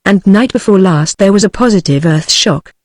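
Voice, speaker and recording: A woman's voice: medium pitch, normal speed, dry recording, studio quality, close to an everyday voice. Synthetic woman voice reading a chatty fat oil prospector. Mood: explaining. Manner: synthetic evenly read speech. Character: fat middle-aged male oil prospector, talkative.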